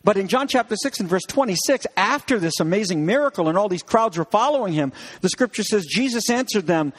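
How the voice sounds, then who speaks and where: A man's voice: sits high, lively intonation, fairly quick, few pauses, long reverb tail. A man preaching a sermon as pastor, in a conversational way with frequent restarts, acting out lines of dialogue.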